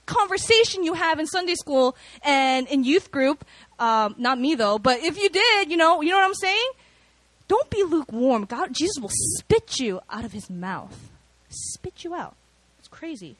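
Animated, high-voiced woman preaching. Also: unhurried, dry recording. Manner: animated, expressive, conversational with many fillers. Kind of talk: sermon with personal storytelling.

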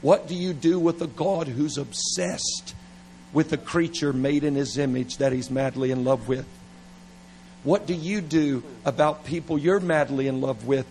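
A middle-aged man preaching at a revival service, animated and playful, with laughing asides. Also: mid-range voice, a little hiss or hum, rough recording. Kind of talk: revival sermon.

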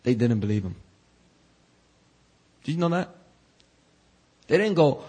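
A man preaching a lively sermon in church, acting out quoted voices with slangy asides and a husky edge. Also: medium pitch, a little slow, pauses often. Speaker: pastor.

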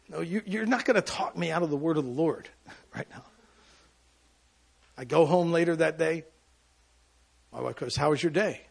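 Male pastor, sermon delivery, raspy and husky, emotional storyteller. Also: on the high side, normal speed, pauses often, a faint crowd. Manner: emotional storytelling with sudden loud bursts and quiet asides.

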